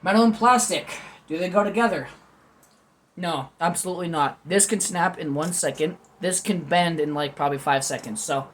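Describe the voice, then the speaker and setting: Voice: mid-range voice, moderate pace. A young adult vlog host rambling through a casual food video with jokey, self-mocking commentary.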